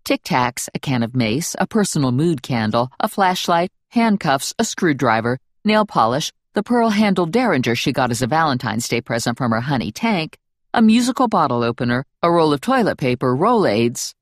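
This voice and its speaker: Low, lively woman reading first-person fiction, wry and playful, dry close studio sound. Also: normal speed, no room sound. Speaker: audiobook narrator. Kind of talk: first-person audiobook narration.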